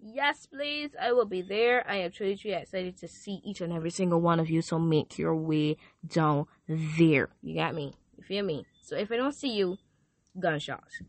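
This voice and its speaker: A young woman hosting a youth podcast, talking in a lively, playful way and leading prayer. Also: on the low side, normal speed, no echo. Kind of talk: casual podcast chat with prayer.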